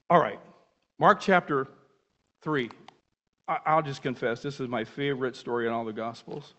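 An older man teaching a Bible class in a casual, animated way, asking many rhetorical questions and breaking off mid-sentence. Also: on the high side. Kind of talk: informal Bible teaching talk. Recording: muffled lo-fi recording.

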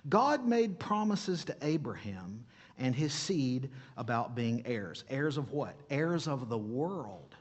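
A man's voice: medium pitch, slow pace, breathy edge. A man with a foreign accent preaching a sermon. He keeps asking his listeners questions and then answering them himself. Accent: non-native English. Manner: animated, asks the congregation questions and answers them.

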